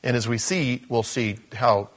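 A man preaching a conversational sermon as a pastor, with animated bursts. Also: mid-range voice, unhurried.

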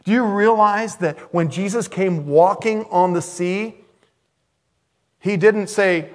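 A man preaching a sermon, telling stories in an animated way and acting out the voices in them. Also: high voice, slow. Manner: animated storytelling, acts out quoted voices.

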